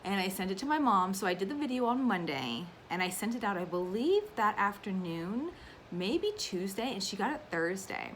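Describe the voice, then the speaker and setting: Woman, 30s, crafting vlogger. Casual and talkative, tears up easily, mid-pitched voice, slight background noise. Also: big pitch swings, normal speed. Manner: chatty and emotional, with frequent fillers. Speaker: cross-stitch vlogger. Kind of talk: casual chat to camera.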